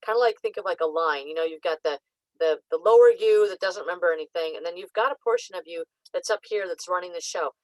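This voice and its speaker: A woman psychic coach talking casually to camera, teaching with lots of "like" and "um" and lively acted-out asides. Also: on the low side, quick pace, no room sound, poor audio.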